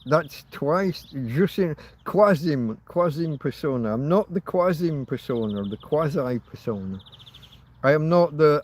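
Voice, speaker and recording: Man, rambling livestream chat, slightly high-pitched, laughs and swears often. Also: darkish tone. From Britain. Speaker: livestream host.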